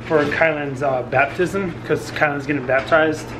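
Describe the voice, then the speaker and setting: A man's voice: a little high, steady tone, a little slow. A man casually vlogging at home with his family, playful and teasing. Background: baby crying, household noise.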